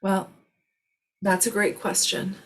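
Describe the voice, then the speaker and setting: A woman hosts a live spiritual question-and-answer session, soothing and reassuring her listeners, her voice often sinking to a soft whisper. She speaks slowly at a medium pitch with little pitch movement.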